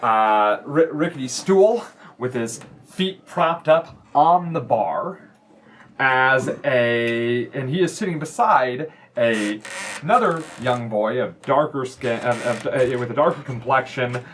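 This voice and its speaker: A man serving as game master, narrating a tabletop game in a descriptive, halting way. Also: mid-range voice, expressive, a bit bright, slight background noise. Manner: descriptive, halting, full of fillers.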